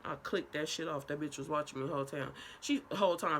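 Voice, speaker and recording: A young woman vlogger telling a casual, profane story time in an animated way. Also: low voice, quick pace, few pauses.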